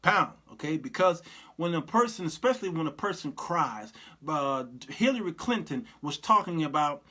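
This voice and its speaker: A middle-aged man, hosting a casual livestream commentary show and talking straight to his viewers. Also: normal speed. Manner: animated, talks to viewers directly, drops to low mumbles. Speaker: show host.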